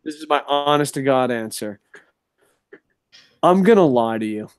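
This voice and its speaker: A young adult man hosting a casual chat show, ranting in an animated, profane way. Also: medium pitch, moderate pace, smooth, no room sound, studio quality. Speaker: podcast host.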